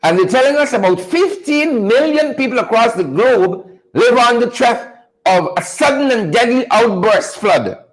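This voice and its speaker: A man's voice: extremely high pitch, animated, unhurried, low-quality recording. A man hosting a live news chat show. He talks in a folksy, preachy way, repeats his phrases and keeps calling out to his viewers. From Guyana. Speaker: show host.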